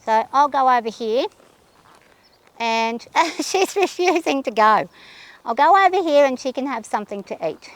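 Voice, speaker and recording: A woman riding a horse outdoors, talking her nerves out loud and soothing her mount in a casual vlog. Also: high-pitched, animated, measured pace. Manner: anxious, thinking aloud, soothing her horse. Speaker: horse rider vlogger. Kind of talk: casual narration while riding. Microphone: camera held by a companion.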